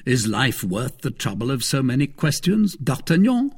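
A man voicing a calm, world-weary young male musketeer who speaks in a measured, resigned way. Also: mid-range voice, husky.

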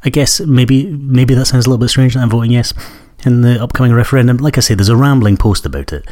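A man's voice: medium pitch, quick pace, mellow. A man in his thirties with a Scottish accent that carries traces of Newcastle, hosting a podcast in a casual, rambling, self-deprecating monologue full of fillers. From Scotland. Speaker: podcast host.

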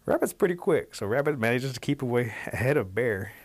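A man telling a traditional folk tale, animated, shifting pace and pitch for effect. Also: a little fast, breathy edge. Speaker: storyteller. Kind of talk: oral folk storytelling.

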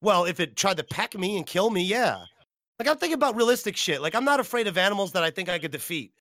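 A man hosting a casual livestream podcast, excitable and profane, often breaking into laughter. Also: high-pitched, fast, no room sound, studio quality. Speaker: podcast host.

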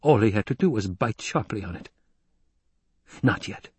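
A man narrates an audiobook in a measured, steady way, with a husky tone. The sound is close and dry, with no room around it. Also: fairly low pitch, dry recording. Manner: measured storytelling. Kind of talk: scripted narration.

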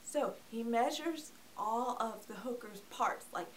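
A woman's voice: a little high, unhurried, faint music behind. Chatty woman joking through a movie review. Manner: chatty and joking, acts out characters. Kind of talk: casual comedic movie review.

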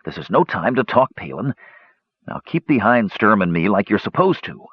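A man's voice: fairly low pitch, sing-song, moderate pace, breathy edge, no echo. A man voicing an irritable, bossy young male warrior who snaps orders. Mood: ordering. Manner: snappish, commanding. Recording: dull lo-fi recording.

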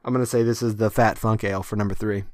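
A man's voice: on the low side, steady tone, quick pace, a little mellow. A man co-hosting a casual beer-tasting podcast, thinking aloud with hesitant fillers. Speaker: podcast co-host.

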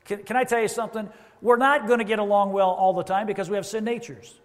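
A high-pitched man preaches from the pulpit, talking to his congregation in a conversational way and slipping into quoted voices. The sound carries a long reverberant tail from the church hall around him. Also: steady tone, fast talker. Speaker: pastor. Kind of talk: sermon. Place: church sanctuary.

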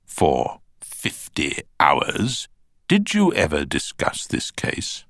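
A man voicing a cool male barrister, cross-examining in a measured, pointed way. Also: extremely low pitch, huge pitch swings, fairly bright tone, dry recording, clean studio sound, full character voice. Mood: probing. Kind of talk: audiobook character voice.

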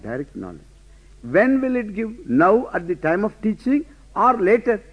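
A man's voice: high-pitched, very animated, normal speed. A man teaching a lecture class, emphatic, often asking rhetorical questions and laughing to himself. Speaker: Vedanta teacher. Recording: dull lo-fi lecture recording.

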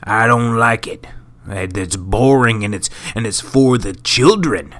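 Whiny Texan wrestling-fan complainer, put on by a sick man: slow drawl, grumbly, bright sharp voice. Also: lowish voice. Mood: grumbling. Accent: put-on Texas drawl.

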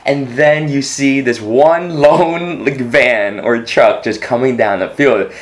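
A man in casual movie talk, recounting a scene with eager, tumbling restarts. His voice sits at a middling pitch, and he keeps the conversation rolling as a co-host. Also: slow pace. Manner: animated retelling, full of restarts. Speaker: podcast co-host.

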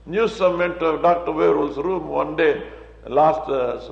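A man's voice: unhurried, creaky. Older man preaching in an echoey hall. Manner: preaching, rising loud and high when quoting scripture. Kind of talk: sermon. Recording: echoey hall, dull lo-fi sound.

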